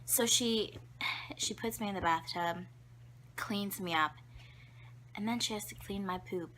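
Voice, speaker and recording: A woman's voice: medium pitch, unhurried, fairly bright tone, slight background noise. A young woman telling embarrassing childhood stories to camera, chatty and giggly, with lots of fillers and whispered asides. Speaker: vlogger. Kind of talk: casual storytelling to camera.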